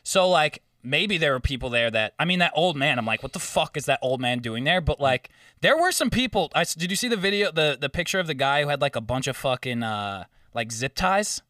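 A young man with a bright, forward voice that leaps around in pitch while he tells animated, profane stories. He chats casually as a co-host. The sound is dry and he is a little distant from the mic. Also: fairly quick, no echo. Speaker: podcast co-host. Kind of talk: casual chat.

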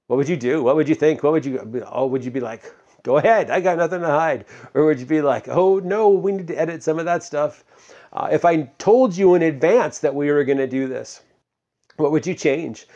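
Male pastor, mid pitch, casual sermon, lots of rhetorical questions, lo-fi recording. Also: darkish tone. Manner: conversational, many fillers and rhetorical questions.

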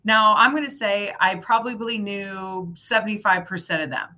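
A middle-aged woman in casual chat, telling an animated story and acting out the people she quotes. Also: medium pitch, moderate pace.

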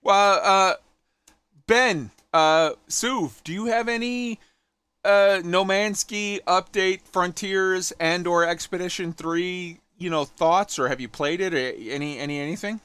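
A man's voice: high-pitched, unhurried, a bit bright, clean tone, no echo. A man hosting a casual gaming chat, laid-back, passing the talk to others with short replies. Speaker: podcast host.

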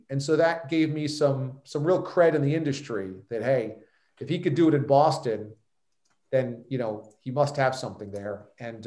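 A man's voice: mid-range voice, darkish tone. Confident New man with a roomy sound. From New York. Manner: emphatic and self-assured storytelling. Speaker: guest, sports radio host. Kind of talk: podcast interview.

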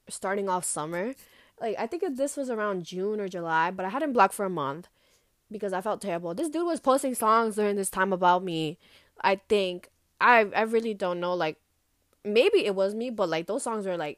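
A young woman vlogger telling a personal story in a loose, casual way, full of fillers and swearing, animated as she retells it. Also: medium pitch, dry recording, clean studio sound.

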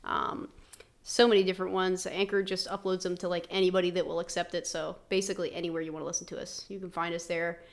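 A woman's voice: lowish voice, level tone, fast, creaky. A young adult woman with a West Virginian accent, co-hosting a casual podcast, chatty and giggly as she tells loose stories. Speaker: podcast co-host.

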